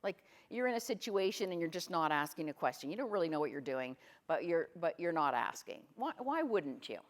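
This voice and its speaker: A middle-aged Canadian woman with a notably low voice speaks a little fast as a conference guest in a conference room. She questions the audience and tells lively stories, often acting out what people said.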